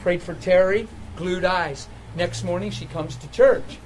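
A man preaching a sermon, telling a healing story with laughter and sudden excited jumps in his voice. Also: unhurried, low-quality recording. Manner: animated storytelling, laughing, voice jumping high when excited.

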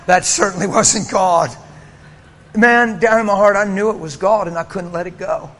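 A pastor telling a story in a sermon, animated and acting out voices, laughing often. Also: male voice, sits high, moderate pace. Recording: hall reverb, faint ambience.

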